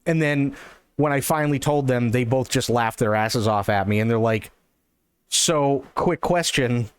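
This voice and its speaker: Casting: male streamer, mid-pitched, dry close-mic sound, rambling casual storytelling full of run-on sentences. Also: normal speed, clean tone, no echo. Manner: rambling, breathless run-on telling with excited high-pitched self-quotes.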